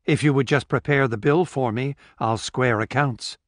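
A man's voice: mid-range voice, no room sound, studio quality, lightly acted. A man playing a courteous, reserved traveller. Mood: polite. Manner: courteous and measured.

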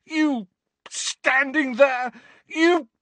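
Male narrator playing a raging, grief-stricken teen wizard; high shouting voice. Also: big pitch swings, a little fast, dry recording, exaggerated voice. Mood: furious. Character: furious grieving teenage boy wizard.

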